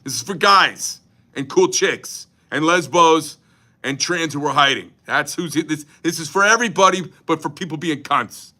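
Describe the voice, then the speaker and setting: A man who owns a knife company rambles through a crude, joking rant on a casual livestream, cursing freely. His voice sits on the high side, with a bright and forceful tone.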